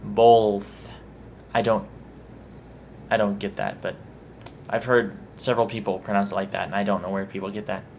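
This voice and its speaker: A man's voice: lowish voice, flat delivery, brisk, creaky, a little hiss or hum. A man with a Texan accent, casually musing about his own pronunciation in a vlog. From Texas. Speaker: vlogger.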